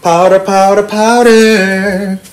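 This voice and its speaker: Seorang wanita muda yang membuat vlog di rumah, membual dengan keras dan mengejek temannya sambil bercanda. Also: female voice, mid-range voice, steady tone, slow pace, a little hiss or hum. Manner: boastful, loud and teasing. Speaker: vlogger. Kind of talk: playful trash talk with a friend.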